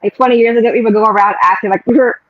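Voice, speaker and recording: A woman's voice: a little high, steady tone, rapid-fire, no echo. Female host, casual and agreeable, lo-fi dry recording. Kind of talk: casual chat. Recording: dull dry lo-fi mic.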